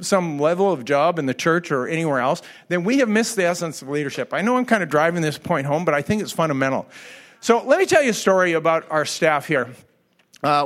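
A middle-aged pastor preaches to his congregation with a slightly high voice. He tells his story in an animated way and laughs easily along the way. His delivery is a lively sermon that stays personal. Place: church hall before an audience.

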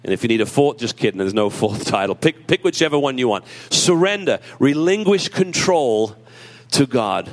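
A man preaching a sermon in an emotional, conversational way with self-deprecating humor, rising in pitch when he reads scripture aloud. He is close to tears. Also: expressive, fast, few pauses. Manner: rises in pitch and emphasis when reading scripture. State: tearful. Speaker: pastor.

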